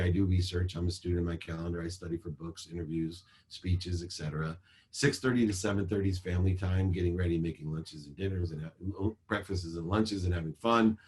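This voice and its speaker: Deep-voiced man giving a motivational talk. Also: a little mellow. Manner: measured, emphatic, list-like delivery. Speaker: motivational speaker. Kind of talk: motivational talk on a video call. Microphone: video call.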